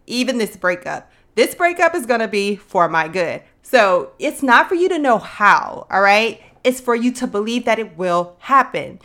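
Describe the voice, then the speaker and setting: A woman's voice: mid-range voice, fairly bright tone. Earnest woman giving a faith pep talk. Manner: earnest, conversational, addresses listener as sis. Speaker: faith podcast host. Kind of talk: encouraging faith talk to listeners.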